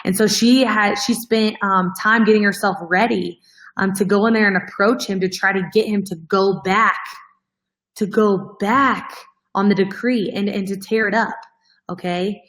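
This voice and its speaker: A woman host talks straight to her followers in a casual, heartfelt way. She is earnest and emotional, close to tears at moments, and her speech is full of fillers. Her pitch is in the middle range for a woman. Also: fairly even intonation, normal speed, a bit bright, rough recording. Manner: earnest, heavy use of "like" as filler. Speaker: host of a fitness coaching show.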